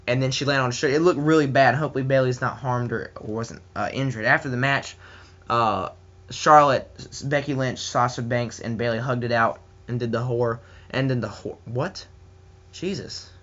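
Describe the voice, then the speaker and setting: A man's voice: mid-range voice, steady tone, moderate pace, fairly bright tone, lo-fi sound. A man with a Southern US accent giving a casual, enthusiastic solo wrestling review, rambling with many fillers and restarts.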